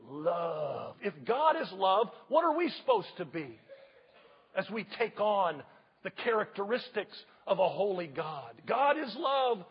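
A man's voice: sits high, big pitch swings, unhurried, husky. A man preaching a sermon in a church, driving his points home with repeated rhetorical questions to the congregation. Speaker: pastor. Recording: dull audio with long hall reverb.

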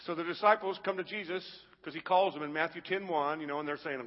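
A man preaching a sermon to a congregation, in a rhythmic, repetitive style that builds to loud peaks. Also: a little high, steady tone, fast talker, long reverb tail, lo-fi sound. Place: large hall with a congregation.

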